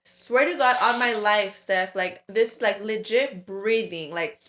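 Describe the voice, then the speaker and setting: A woman's voice: medium pitch, slow pace, a bit bright. A woman co-hosting a podcast, telling a long story in casual chat with lots of fillers and swearing. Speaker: podcast co-host.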